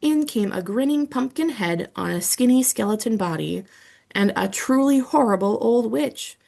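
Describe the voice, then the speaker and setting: A woman's voice: fairly high pitch, animated, moderate pace, gravelly, a little mellow. A woman reading a children's book aloud in the first person, telling the story with expression. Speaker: audiobook reader.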